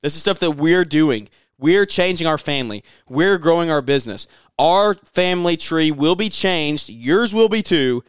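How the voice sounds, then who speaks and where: Passionate, raspy motivational podcast man. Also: fairly high pitch, animated, normal speed, hardly any pauses, no room sound, clean studio sound. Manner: passionate, emphatic, repetitive urging. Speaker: podcast host.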